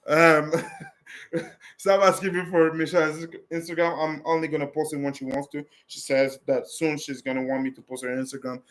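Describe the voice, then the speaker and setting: A male vlogger speaks straight to his viewers and answers their questions in a loose, meandering way. He is frank and direct, often restarting his sentences, and his voice sits somewhat high for a man. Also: level tone, normal speed. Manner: rambling, with many restarts and fillers; blunt and direct.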